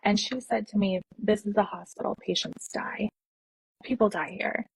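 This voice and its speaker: A woman's voice: mid-range voice, steady tone, moderate pace, gravelly, a little hiss or hum, low-quality recording. A woman nurse intensely telling a personal story to the camera and acting out the dialogue. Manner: intense, emotional retelling with quoted dialogue.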